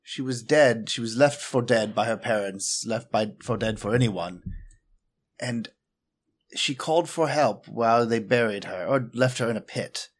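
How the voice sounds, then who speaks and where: A man's voice: mid-range voice, unhurried, breathy edge. A man voicing Byron, an adventurer who has just woken from a vision, talking hesitantly and searching for words. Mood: uneasy. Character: Byron, a shaken male adventurer seer.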